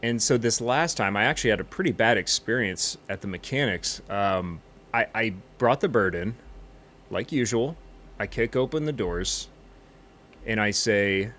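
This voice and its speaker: A man with a lowish voice rambling through an improvised comedy monologue as a pilot. He tells his story in a cocky, boastful, meandering way, full of bravado. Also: lively intonation, moderate pace, a bit bright. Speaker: comedic pilot character in a flight game stream.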